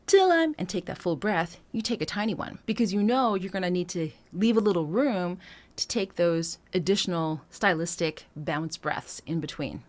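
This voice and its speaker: A woman vocal coach talking through breath choices in a singing lesson, now and then singing short lines to demonstrate. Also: fairly low pitch. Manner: explanatory, breaks into sung demonstrations, laughs lightly.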